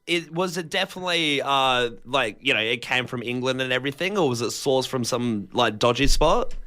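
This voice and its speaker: A man's voice: medium pitch, lively intonation, moderate pace, bright, forceful tone. A man co-hosting breakfast radio in a studio, chatty and teasing, laughing often. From Australia. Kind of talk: casual radio banter.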